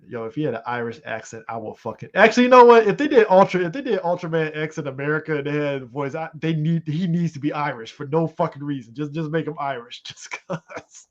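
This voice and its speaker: A man co-hosting a podcast in casual chat, animated and profane, rambling with lots of fillers. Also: on the high side, brisk, hardly any pauses. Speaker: podcast co-host. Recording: slightly muffled lo-fi audio.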